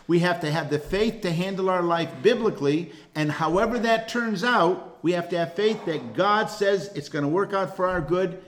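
A man leading a relaxed Bible study. His voice sits a little higher than most men's, and he speaks with plain conviction, often stumbling over and repeating a word before pressing on. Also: moderate pace, few pauses, a little hiss or hum. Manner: earnest, repeats words when thinking. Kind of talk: casual Bible class teaching.

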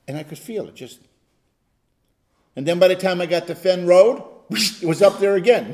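A male pastor teaching an interactive Bible study, emphatic and animated, at times bursting into loud exclamations. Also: sits high, normal speed.

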